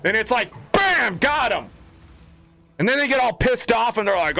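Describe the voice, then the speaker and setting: Streamer, male: high, animated, swearing rant, exasperated. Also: normal speed, gravelly, no echo. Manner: profane, exasperated ranting. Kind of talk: ranting stream commentary.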